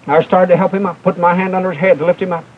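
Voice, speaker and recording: A man's voice: high-pitched, little pitch movement, very fast. A young man preaching a televised sermon with fervent, emphatic delivery, rising and falling as he drives each point home. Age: young adult. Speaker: evangelist preacher. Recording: tinny old broadcast recording with faint hiss.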